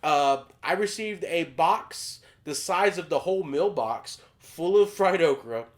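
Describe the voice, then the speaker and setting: A man co-hosting a casual podcast, telling an animated story, acting out quotes and swearing freely. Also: fairly high pitch, a little slow. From United States. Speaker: podcast co-host.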